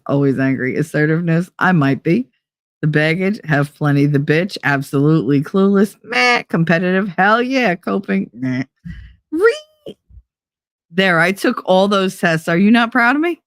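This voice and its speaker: A woman's voice: low voice, moderate pace, no echo. A young adult woman streamer chatting casually while reading quiz questions aloud, blunt, joking and full of profanity. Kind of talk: casual chat reading online quizzes aloud.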